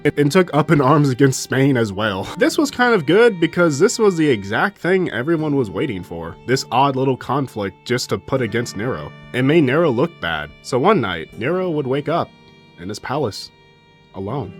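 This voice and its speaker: A young man tells history in a blunt, sarcastic way, swearing freely as he goes. His pitch swings widely from line to line, and soft music plays faintly underneath. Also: big pitch swings, moderate pace. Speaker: history YouTuber. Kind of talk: casual history commentary.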